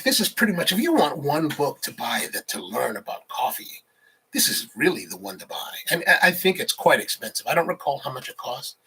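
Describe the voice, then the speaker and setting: A man's voice: on the high side, vocal fry, pushed and bright, slightly rough. A man in his forties hosting a casual livestream, rambling and reading viewer comments aloud. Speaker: livestream host, barista.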